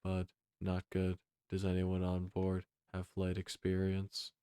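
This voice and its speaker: A man doing a flat, sleepy tower controller, deep and dry. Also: takes it slowly, smooth, no echo. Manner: drowsy monotone reading. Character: male air traffic controller.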